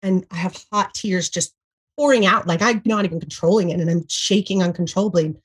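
Poor audio captures a former MLM seller in her thirties, a podcast guest, whose fairly low, breathy-edged voice runs a little fast. She tells her emotional story animatedly, acting out what people said and using lots of fillers.

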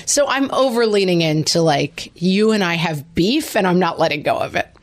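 Woman, 40s, frank, self-mocking, animated storyteller, lowish pitch. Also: moderate pace. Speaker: podcast co-host. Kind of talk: casual parenting chat.

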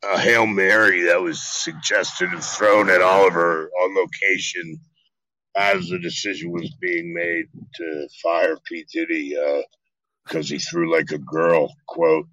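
A man, an actor guest in an interview, telling lively stories full of swearing and acted-out quotes. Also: deep voice, measured pace, no echo, low-quality recording. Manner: animated, profane, acts out quotes. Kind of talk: storytelling interview.

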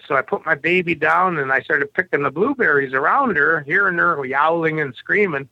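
A man from Canada, a podcast guest, telling stories bluntly with a rough edge. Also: a little high, normal speed, few pauses, sharp tone, no room sound, dull audio. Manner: blunt, rough-edged storyteller. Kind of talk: casual storytelling interview.

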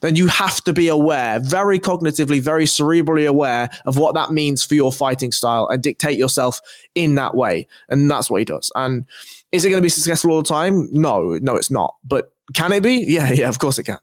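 A man's voice: a little high, lively intonation, brisk, dry recording. A man co-hosting a podcast, breaking down fighters in a thoughtful, analytical way. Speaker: podcast co-host. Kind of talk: casual MMA analysis chat.

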